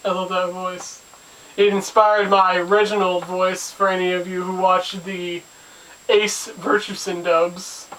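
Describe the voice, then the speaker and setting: A man's voice: sits high, flat delivery, a little slow, fairly bright tone, recorded from a distance, rough recording. A man hosting a casual video review of an old cartoon, chatty and full of jokey asides. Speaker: show host and reviewer.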